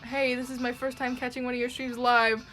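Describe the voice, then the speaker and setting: A woman's voice: a little high, flat delivery, a little fast, fairly bright tone, soft background music. A young woman from Ontario with a Toronto Canadian accent, chatting casually and rambling with swearing while she draws on a live stream.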